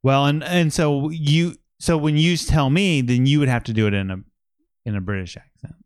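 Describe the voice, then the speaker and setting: A man co-hosting a casual podcast chat, joking and reacting with quick laughs. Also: a little high, smooth, no echo, clean studio sound. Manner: jokey, reactive, laughs often. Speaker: podcast co-host.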